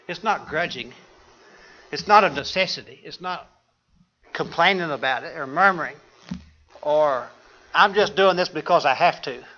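Bright-voiced man preaching a sermon. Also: a little high, lo-fi sound. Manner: asks the congregation questions, quotes scripture.

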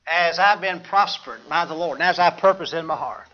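A man's voice: fairly high pitch, brisk, sharp tone, lo-fi sound. A man preaching a sermon, quoting scripture and putting questions to the congregation.

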